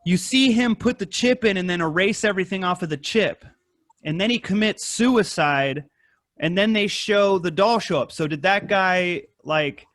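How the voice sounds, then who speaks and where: A man hosting a casual podcast, rambling and swearing a lot, with animated retellings of stories. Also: sits high, no room sound. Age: adult with wife and kid. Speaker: podcast host. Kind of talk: casual profane chat.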